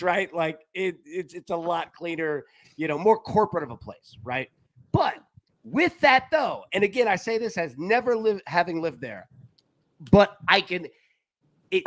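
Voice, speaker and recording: A man hosting a live sports betting show, rambling and laughing in casual chat. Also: high voice. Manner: rambling, animated, laughs often.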